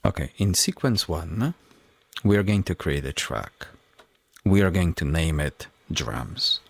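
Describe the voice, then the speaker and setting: A man hosting a music production tutorial, explaining each step in a measured, methodical way. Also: low-pitched, expressive, creaky, no room sound. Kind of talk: tutorial walkthrough.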